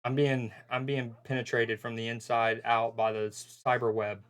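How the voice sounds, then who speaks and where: A man's voice: mid-range voice, level tone, normal speed, a bit bright. A man hosting a live football watchalong stream, talking casually and rambling, often breaking off mid-sentence. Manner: rambling, self-interrupting, bemused.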